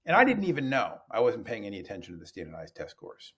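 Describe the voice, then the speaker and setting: A man's voice: lowish voice, quick pace, slightly rough. A man who trains teachers, a guest on a podcast, telling stories in conversation and acting out the dialogue. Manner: animated, acts out dialogue in changing voices. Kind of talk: conversational storytelling.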